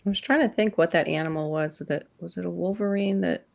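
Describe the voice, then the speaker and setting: Gravelly voice in casual chat. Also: medium pitch, brisk.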